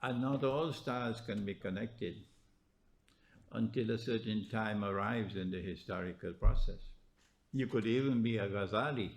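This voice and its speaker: A man giving a religious lecture, prodding his listeners with rhetorical questions and a teasing "huh?", delivered in an animated, emphatic way. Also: on the low side. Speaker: Islamic scholar lecturing.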